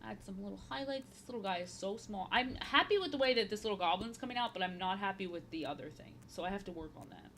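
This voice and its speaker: A woman's voice: mid-range voice, expressive, quick pace, hardly any pauses, a bit bright, a little hiss or hum. A woman in her thirties chatting casually while painting on a stream, rambling and repeating her own phrases, playful and prone to slipping into silly voices.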